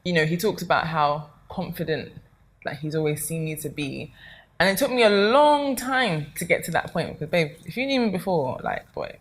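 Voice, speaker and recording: A woman's voice: fairly low pitch, very animated, normal speed. A young woman talking casually to camera, chatty and affectionate, rambling with lots of fillers. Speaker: vlogger.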